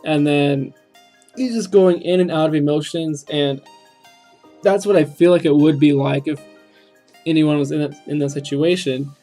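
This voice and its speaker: A young man talks through song lyrics in an earnest, reflective way. His voice sits a little high and stays flat. Faint music plays behind him. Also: moderate pace. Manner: earnest and reflective, with frequent ums and restarts. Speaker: reaction video host. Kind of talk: casual spoken commentary on song lyrics.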